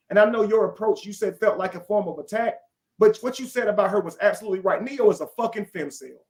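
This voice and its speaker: A man with a high voice speaks as a guest on a live stream. He sounds indignant and defensive, and he swears freely as he pushes his points. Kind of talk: heated live stream talk.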